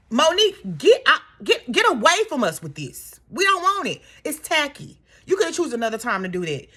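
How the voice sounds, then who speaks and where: A woman's voice: sits high, huge pitch swings, moderate pace, sharp tone. A woman in her thirties giving a sassy, exasperated opinion rant straight to her viewers. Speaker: commentary vlogger.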